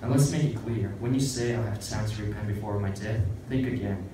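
A man reciting a rhyming spoken-word piece about sin, then sharing a halting testimony full of fillers. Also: fairly low pitch, steady tone. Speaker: church retreat participant reciting a poem. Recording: echoey room, far from the mic, noisy.

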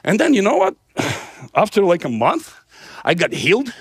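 Animated, husky high-pitched male preacher. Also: moderate pace. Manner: animated, laughing, acts out dialogue. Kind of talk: sermon testimony storytelling.

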